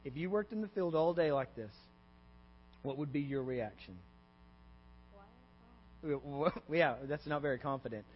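A man's voice: fairly high pitch, unhurried, long pauses. A man preaching an interactive sermon, constantly asking the congregation questions and checking in with "okay?" and "all right?". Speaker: pastor. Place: church sanctuary. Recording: dull echoey church recording with mains hum.

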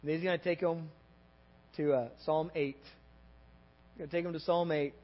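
A pastor with a Texan accent and a fairly high voice for a man delivers a sermon in a church sanctuary at normal speed. He's conversational and animated, talking like a friend with asides and checking the audience is following. The sound is a bit dull, with a long reverb tail after each phrase.

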